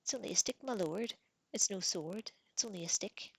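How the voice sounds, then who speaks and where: Seorang perempuan menyuarakan anak tukang daging yang ketakutan, berbicara pelan dan memohon. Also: female voice, medium pitch, lively intonation, moderate pace, vocal fry, fairly bright tone, husky, no room sound, pitched above the performer's own voice, exaggerated voice. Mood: scared. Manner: timid, pleading. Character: frightened young butcher's boy.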